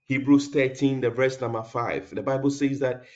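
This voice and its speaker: A man's voice: medium pitch, little pitch movement, normal speed, darkish tone. A man leading a morning prayer session as a pastor, fervent and full of "oh God" and "uh", now and then praying in tongues. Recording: dull lo-fi broadcast audio.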